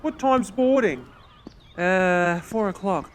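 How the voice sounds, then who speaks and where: A woman's voice: mid-range voice, animated, takes it slowly, slight background noise. A woman voicing a wry, sarcastic young man. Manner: dry, sarcastic.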